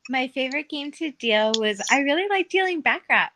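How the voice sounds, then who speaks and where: Chatty woman, slightly high voice. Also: animated, brisk, pushed and bright. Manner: chatty, many "like" fillers, laughs often. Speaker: podcast guest, former casino dealer. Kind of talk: casual storytelling.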